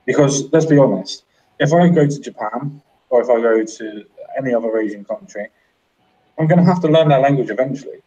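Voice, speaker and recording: Bloke, husky mellow voice, blunt and sweary, arguing his point. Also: mid-range voice, fairly quick, lo-fi sound. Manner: blunt, profane, argumentative. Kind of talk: casual opinionated chat.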